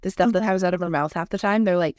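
A young adult woman co-hosting a podcast in casual chat, talking fast with lots of "like" and acting out quotes. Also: fairly low pitch, darkish tone, dry recording, clean studio sound. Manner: chatty, fillers like "like", acts out quotes. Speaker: podcast co-host.

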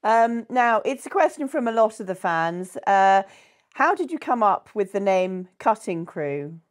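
A woman's voice: mid-range voice, very animated, unhurried. A woman hosting an interview, introducing her guest and asking questions in an enthusiastic, chatty way. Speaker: interviewer, festival host.

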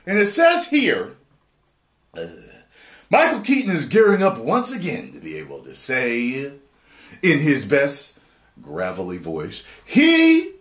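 Man, lively swooping pitch, rambling profane commentary, echoey room. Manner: animated, profane, rambling, reads article aloud. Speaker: YouTube commentator. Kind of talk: excited reaction commentary. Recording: roomy echo.

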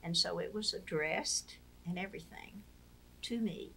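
A woman's voice: lowish voice, unhurried, vocal fry, fairly bright tone, slight background noise. An older woman, telling stories in an interview and acting out the voices she quotes. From Mississippi. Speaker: interview guest, wife of a former POW. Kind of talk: storytelling in a conversational interview.

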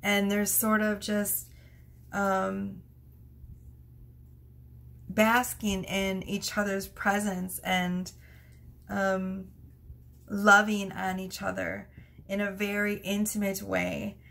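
A woman's voice: mid-range voice, level tone, slow pace, creaky, pauses often, a bit bright. A woman doing a casual tarot reading, chatty and prone to fits of laughter. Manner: giggly, chatty, laughs through her words. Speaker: tarot reader.

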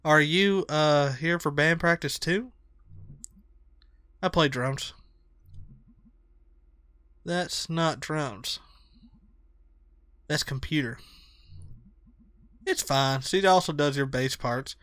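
A gamer voicing a calm, soft-spoken young male bear character in a video game, low and mumbly. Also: very slow, long pauses, clean tone, dry recording. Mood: flat calm.

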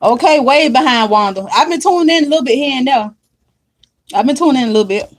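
A woman's voice: high voice, lively intonation, fast. Chatty woman greeting viewers. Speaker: livestream host greeting viewers. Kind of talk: casual livestream chat. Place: home, at her makeup desk.

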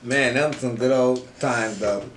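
A woman co-hosting a casual chat, chiming in with lively, teasing remarks. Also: very deep voice, measured pace, far from the mic. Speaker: co-host. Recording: echoey room, off-mic with faint noise.

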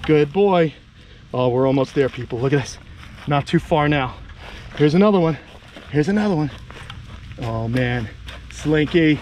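A man vlogging outdoors, coaxing a big lizard along in a sing-song voice and talking excitedly to his viewers. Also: fairly high pitch, a little slow, long pauses, slight background noise. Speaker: reptile keeper vlogger. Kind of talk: excited outdoor vlog narration. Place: outdoors on a property.

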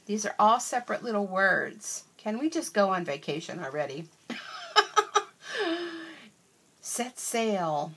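Gushing older woman with a breathy voice. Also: medium pitch, normal speed, few pauses. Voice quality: wears bifocals. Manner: gushing, excitable, lots of gasps and oohs. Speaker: crafting vlogger. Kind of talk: casual unboxing chat.

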